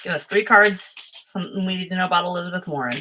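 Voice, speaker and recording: A woman's voice: lowish voice, fast talker, bright, forceful tone, a little hiss or hum. A woman doing a casual, chatty tarot reading, rambling and easily distracted, often giggling.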